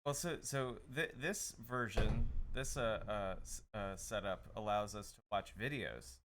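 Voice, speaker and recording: A man co-hosting a podcast livestream, speaking haltingly with many fillers, sitting a little too far from his mic. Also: fairly low pitch, fairly bright tone, a little hiss or hum. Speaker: podcast co-host. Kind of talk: casual livestream chat.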